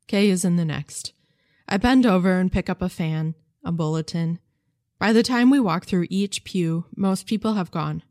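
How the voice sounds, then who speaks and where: A woman reads a children's novel aloud for radio, her voice sitting fairly low. She tells it in a measured, gentle way, close to the microphone in a dry, dead studio. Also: no room sound. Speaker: narrator.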